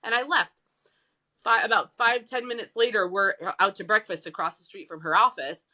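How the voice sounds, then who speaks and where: Bright-voiced woman telling a story. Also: mid-range voice, normal speed. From United States. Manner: animated, acts out quoted voices. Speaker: nonprofit founder, guest. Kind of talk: casual storytelling interview.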